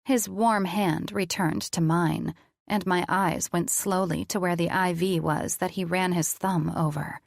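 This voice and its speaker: Woman reading a first person audiobook, lowish voice, dry close sound. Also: fairly even intonation, unhurried, creaky, dry recording. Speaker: audiobook narrator. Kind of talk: first-person scripted narration.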